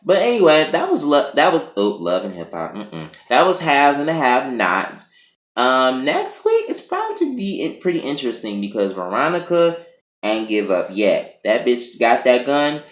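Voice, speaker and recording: A man's voice: mid-range voice, moderate pace. A man casually recapping and reviewing a TV episode, blunt and profane. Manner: animated, blunt, profane, chatty. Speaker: TV review vlogger. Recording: roomy echo.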